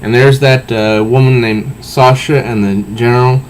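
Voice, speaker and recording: A man casually reviewing a comic book and reading its panels aloud, halting often and restarting his sentences. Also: mid-range voice, fairly even intonation, slight background noise. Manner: halting, with frequent restarts and fillers.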